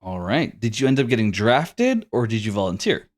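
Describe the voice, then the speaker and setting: A man's voice: mid-range voice, very animated, moderate pace. A man narrating a tabletop game as game master, with easygoing, descriptive storytelling.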